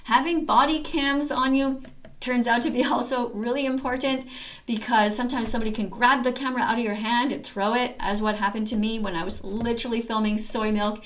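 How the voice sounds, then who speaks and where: A woman's voice: fairly high pitch, fairly even intonation, a little fast, fairly bright tone. A woman hosting casual commentary over activist videos, talking in an emphatic, enthusiastic way. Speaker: host reacting to activist videos.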